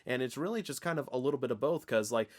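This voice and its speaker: Co-hosting a casual podcast, a man with an Oklahoman accent talks fast in a mid-range voice. His chat rambles, packed with fillers and restarted sentences.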